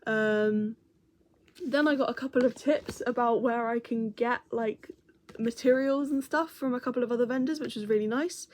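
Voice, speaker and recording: A woman's voice: on the high side, normal speed, darkish tone, slight background noise. Chatty woman vlogger. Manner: chatty, rambling, self-correcting. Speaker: crochet vlogger. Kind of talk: casual chat.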